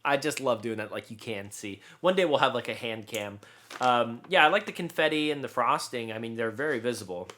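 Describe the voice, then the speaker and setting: A man co-hosting a podcast, chatting casually while tasting snacks, rambling and joking with loud bursts of laughter. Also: mid-range voice, fairly quick. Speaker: podcast co-host.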